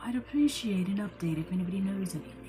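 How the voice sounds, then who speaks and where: A woman's voice: mid-range voice, animated, fast talker, dark tone. A tired woman hosting a tarot livestream, chatting casually, rambling, repeating herself and swearing freely. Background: background music.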